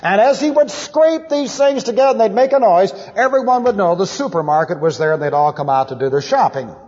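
An animated man delivering a Bible study sermon in a high, lively voice. He acts out sounds and wails as he teaches. The recording is dull and lo-fi, with long hall reverb. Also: brisk.

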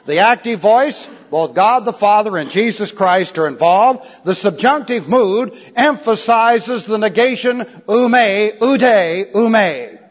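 Slow, high-voiced man preaching in a hall. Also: animated, slightly rough. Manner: deliberate, spells out Greek words letter by letter. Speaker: pastor. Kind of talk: expository Bible teaching sermon. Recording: dull lo-fi recording in a reverberant church hall.

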